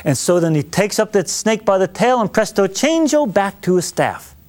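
A man's voice: high-pitched, very animated, moderate pace, darkish tone. A man teaching on a Bible story, acting out the dialogue with humor and plenty of animation. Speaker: preacher.

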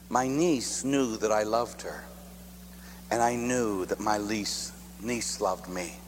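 A man's voice: on the high side, a little hiss or hum. Man preaching in an echoey hall. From Pittsburgh area. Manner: storytelling, drops to a hushed near-whisper. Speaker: priest. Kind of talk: sermon. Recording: echoey hall with long reverb.

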